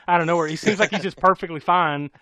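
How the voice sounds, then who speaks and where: A man's voice: sits high, moderate pace, bright, forceful tone, dry recording. An American man casually recapping a horror film on a podcast, rambling and laughing, with a profane storytelling manner. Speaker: podcast co-host.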